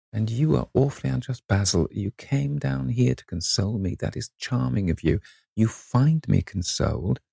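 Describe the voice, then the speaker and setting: A man with a low, husky, gravelly voice reading as a vain, callous young gentleman, languid and mocking in a storybook reading. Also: no room sound, clean studio sound, exaggerated voice. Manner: languid and mocking, with airy flourishes.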